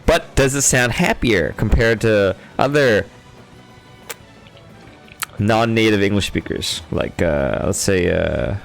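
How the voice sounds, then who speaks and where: Gravelly laid-back male streamer. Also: on the low side, lively intonation, slow pace, long pauses, soft background music. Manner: laid-back, rambling, thinking aloud. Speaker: game streamer. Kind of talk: casual chat while gaming.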